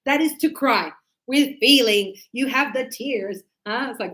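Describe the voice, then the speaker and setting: A woman teaching a pronunciation lesson, with a voice on the higher side. She talks slowly and deliberately. She acts out the examples with energy and keeps checking that the class understands. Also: pushed and bright, low-quality recording. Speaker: English teacher.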